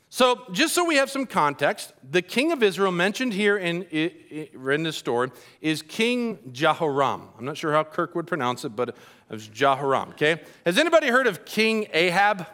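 A pastor with a fairly high-pitched voice gives a sermon. He spins the story in a joking, animated style and addresses his congregation head-on.

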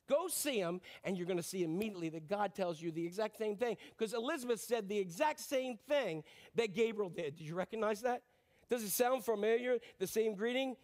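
A man preaching a sermon, animated and talking straight to the congregation with questions and acted-out quotes. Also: very high-pitched, a little fast. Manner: animated, acts out quotes, asks audience questions. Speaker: pastor.

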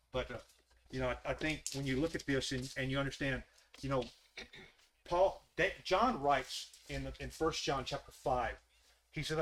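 Bright, earnest man preaching a conversational sermon. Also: mid-range voice, poor audio. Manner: earnest, repetitive, rises when emphatic, softens to a near hush when asking questions.

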